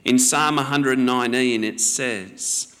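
Guy preaching real slow and steady, calm teaching tone, lots of hall echo. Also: medium pitch, smooth. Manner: measured, gently teaching. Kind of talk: sermon.

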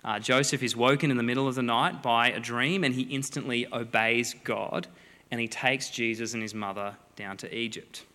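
A man preaching a sermon, a lively, joking storyteller who acts out the people in the story. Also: medium pitch, moderate pace. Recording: long hall reverb.

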